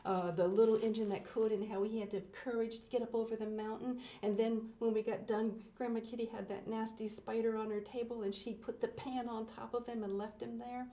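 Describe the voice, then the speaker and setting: A woman presents a children's program, talking directly to young viewers with frequent delighted exclamations. Her voice is soft and mellow rather than bright. The studio has a noticeable roomy echo. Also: a little high, flat delivery, fairly quick, hardly any pauses. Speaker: children's show host.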